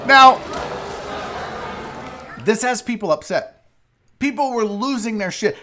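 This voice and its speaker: A man's voice: extremely high pitch, big pitch swings, unhurried, long pauses, pushed and bright, slight background noise. A man hosting a casual live-stream show, ranting with profanity while a bit tipsy from drinking. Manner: profane, rambling rants. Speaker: show host.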